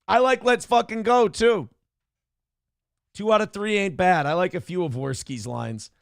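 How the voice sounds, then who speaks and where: A man hosting a casual commentary show, talking in a rambling, animated way full of swearing. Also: high voice, unhurried, creaky, no room sound, studio quality. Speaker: show host.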